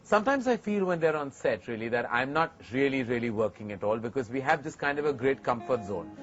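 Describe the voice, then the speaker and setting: A man's voice: medium pitch, lively intonation, brisk, dull audio, faint music behind. A man, a filmmaker hosting a TV segment, talking earnestly to camera about working with his actors. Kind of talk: reflective to-camera talk.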